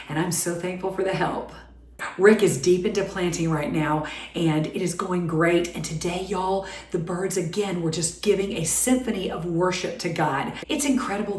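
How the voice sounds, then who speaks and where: A woman's voice: on the low side, a little mellow, reverberant. A middle-aged woman with a Southern American accent, hosting a home cooking show in a cheerful, chatty, folksy way from her kitchen.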